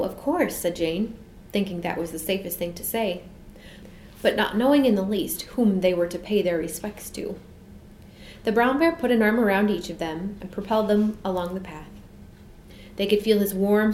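A woman narrating a children's storybook audiobook in a calm, measured way. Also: mid-range voice. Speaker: audiobook reader. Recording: roomy echo, faint background noise.

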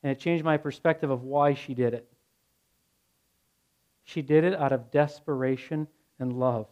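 A man's voice: medium pitch, steady tone, normal speed, a little mellow. A male pastor preaching a sermon, blunt and earnest, telling stories in a conversational way. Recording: dull lo-fi sound.

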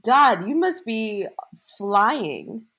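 Podcast cohost lady, husky voice, emotional and gushy. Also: fairly high pitch, sing-song, extremely slow, fairly bright tone. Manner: gushing, emotional, a bit teary. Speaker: podcast co-host. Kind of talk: casual podcast chat.

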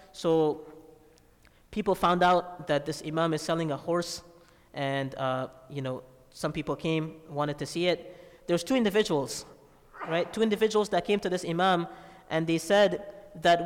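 A man's voice: high voice, big-room sound. A man preaching a sermon, telling a story and asking rhetorical questions with a frequent "right?". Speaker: Islamic preacher.

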